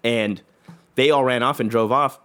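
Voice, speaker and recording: A man's voice: mid-range voice, fairly even intonation, normal speed, fairly bright tone, clear, resonant tone. A young adult man telling a long personal story in casual chat, rambling with lots of fillers and swearing.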